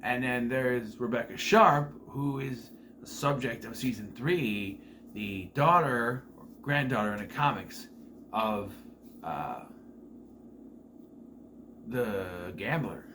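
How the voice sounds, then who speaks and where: A man's voice: medium pitch, slow, bright, forceful tone, a little hiss or hum. Rambling man giving a casual TV review. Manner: rambling, with frequent fillers and self-corrections.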